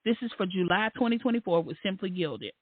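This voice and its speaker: A woman voicing a chirpy, country-voiced woman who posts planner challenges, speaking in a bright sing-song twang. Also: mid-range voice, animated, quick pace, dry recording, close to an everyday voice. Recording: dry, tinny phone-like line.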